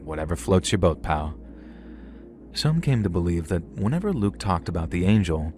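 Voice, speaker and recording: Male narrator, middle-aged, very low voice, measured, dry humour, first-person horror tale. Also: a little mellow, a little hiss or hum. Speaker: storyteller.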